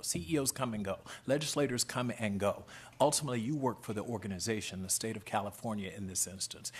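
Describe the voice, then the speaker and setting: A middle-aged man testifies before a committee with earnest conviction, driving his points home in short, punchy statements. His voice sits fairly low and carries a husky edge. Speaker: head of a professional HR association testifying.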